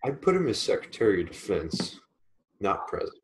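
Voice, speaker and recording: A young man chatting casually, relaxed and rambling, with hesitant restarts. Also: on the low side, a little fast, low-quality recording. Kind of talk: casual chat.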